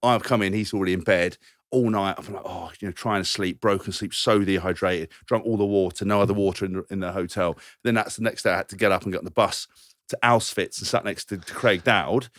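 A man's voice: low voice, steady tone, fast, a bit bright, no room sound, clean studio sound. A man in his thirties, a podcast co-host and former rugby player, rambling through tour stories and acting out the voices in them. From England. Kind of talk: casual anecdote telling.

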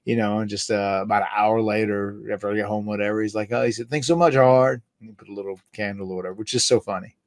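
A man's voice: lowish voice, flat delivery, racing, few pauses, no echo, clean studio sound. A man hosting a podcast, chatting casually and telling stories with quoted voices, laughing often. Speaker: podcast host, former wrestler. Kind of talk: casual chat.

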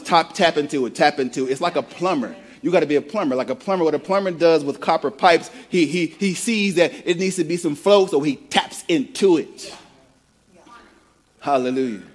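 A man's voice: on the high side, normal speed. A male pastor from the American Midwest preaching a conversational sermon, often repeating words as he builds a point and prompting the congregation to repeat phrases back. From Midwest of the United States.

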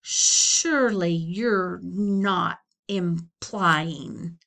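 A woman voicing a skeptical middle-aged neighbor woman in a storybook read-aloud, with a drawn-out, doubtful delivery. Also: fairly low pitch, gravelly, a bit bright, heavily acted.

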